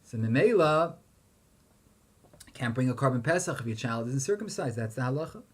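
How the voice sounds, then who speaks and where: A man's voice: medium pitch, lively intonation, moderate pace, slightly rough. A man giving a Torah lecture, posing questions and chanting Hebrew verses with emphasis. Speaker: rabbi teaching Torah.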